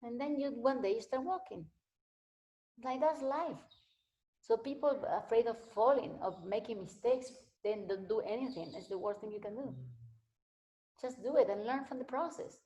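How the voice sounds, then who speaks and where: A woman's voice: fairly high pitch, normal speed, warm tone. A woman giving a casual spiritual talk and answering questions, rambling and repeating herself, often laughing. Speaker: spiritual teacher. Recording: echoey room.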